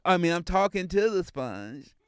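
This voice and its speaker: Soft-spoken high-voiced man, laid-back. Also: sing-song, normal speed, smooth, no echo, clean studio sound. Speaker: podcast guest. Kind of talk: casual podcast chat.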